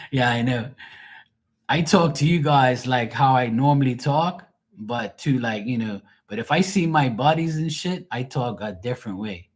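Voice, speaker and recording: A man's voice: medium pitch, animated, unhurried. A middle-aged man with a Bermudian accent, a tarot reader rambling casually to his livestream viewers with plenty of profanity and frequent laughs.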